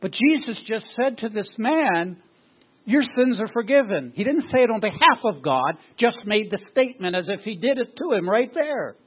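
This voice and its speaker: A pastor with a high, slightly husky voice preaches to his congregation and keeps firing questions at them. The recording sounds thin and tinny, like it came over a phone line. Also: big pitch swings, normal speed. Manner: asks the congregation rhetorical questions. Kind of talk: sermon.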